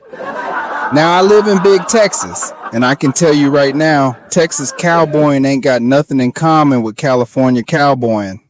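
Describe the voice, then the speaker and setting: A young man doing a stand-up comedy monologue in folksy cowboy talk, often laughing through his punchlines. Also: medium pitch. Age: young adult. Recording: noisy background.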